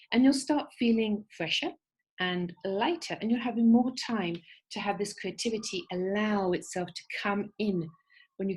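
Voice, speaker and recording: A woman with a mid-range, darkish voice teaches an online creativity workshop, giving encouraging instructions and repeatedly asking "okay?" to check in with listeners. She acts out quoted voices while telling a fable. The recording is rough.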